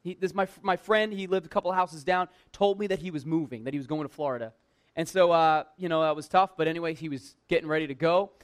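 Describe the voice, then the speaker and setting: A man who works at a church tells a personal anecdote in a lively, conversational way, full of "like" and self-mocking humor. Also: fairly high pitch, quick pace. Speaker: church worker telling a personal story. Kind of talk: casual personal storytelling.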